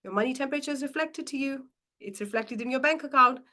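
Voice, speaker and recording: A woman coaching a live online session, animated and emphatic, firing rhetorical questions at her audience and repeating her key points. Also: high voice, fast. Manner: acts out inner voices dramatically. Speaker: money mindset coach.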